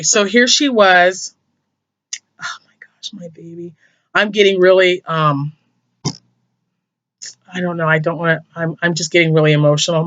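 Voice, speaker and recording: A woman's voice: fairly low pitch, a bit bright, no echo. An older woman, a grandmother, chatting emotionally to camera as a crochet vlogger and sometimes dropping to a whisper. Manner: emotional, chatty, drops to a whisper when moved. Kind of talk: casual chat to camera.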